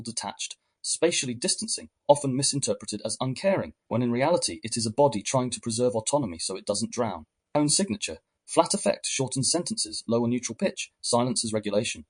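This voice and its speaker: A man hosting a podcast, giving measured, reflective scripted narration. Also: mid-range voice, animated, husky. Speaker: podcast host.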